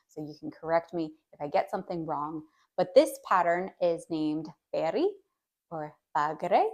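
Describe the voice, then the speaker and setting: Woman, lowish pitch, casual vlog talk, chatty, pauses with ums. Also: a little mellow. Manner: chatty, hesitant with many ums. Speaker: knitwear designer.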